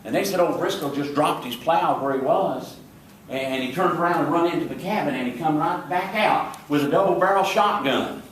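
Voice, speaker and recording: Southern male comic spinning slow folksy tales live, recorded from a distance in a booming echoey hall. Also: a bit bright, a little hiss or hum. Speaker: comedic entertainer in character as a small-town deputy. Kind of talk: folksy stand-up storytelling to a live audience. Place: live venue before an audience. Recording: echoey room, distant mic.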